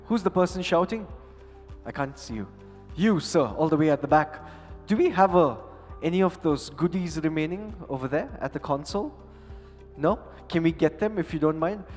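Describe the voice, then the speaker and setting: On a large conference hall stage, a man holding a handheld mic hosts the event, teasing and joking with the crowd in a playful, chatty way. His voice is a little high and animated at a normal pace, with long hall reverb and faint music in the recording.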